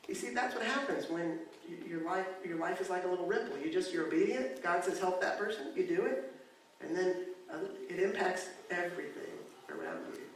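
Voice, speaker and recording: A man with a fairly high voice preaches in a church, going from calm storytelling to loud, impassioned calls. The sound is very echoey, as if picked up from well back in the hall, with faint background noise. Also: a little fast, distant mic. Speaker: guest preacher. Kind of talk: sermon with storytelling. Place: church sanctuary.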